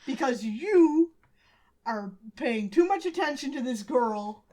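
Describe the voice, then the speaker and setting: A woman's voice: sits high, animated, slow, a little mellow, full character voice. Casting: woman voicing a curt, bossy young male hero captain, mock-serious. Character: brash young male hero squad leader.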